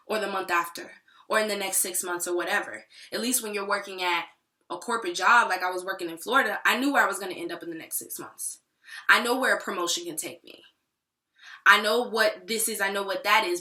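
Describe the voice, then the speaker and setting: A woman's voice: mid-range voice, brisk, sharp tone. A woman and aspiring songwriter talking through her feelings in a candid, profane, rambling video diary. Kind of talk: personal vlog diary. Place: New York City. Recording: echoey room.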